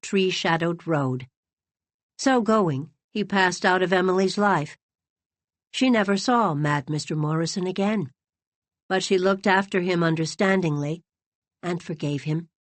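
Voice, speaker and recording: A woman reading a novel aloud as an audiobook narrator, in an expressive, dramatic storytelling manner. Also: on the low side, dry recording. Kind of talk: scripted narration.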